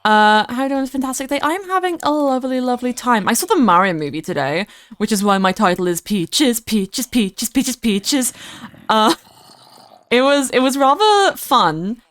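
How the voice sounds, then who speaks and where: A woman livestreams her gameplay in a casual, rambling chat, stopping often to greet viewers by name. Her voice is smooth and clear, and it sounds close and dry, with no room echo. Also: a little high, very animated, normal speed, fairly bright tone. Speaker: streamer.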